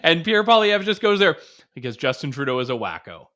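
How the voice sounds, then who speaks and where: Guy hosting a politics show, high bright voice, energetic and sarcastic. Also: fairly quick. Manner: energetic, chuckling, sarcastic commentary. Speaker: political commentary host.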